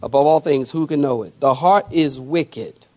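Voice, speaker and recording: A male pastor preaching a sermon in a folksy, animated way with quick asides to the congregation. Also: on the high side. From not from the American South.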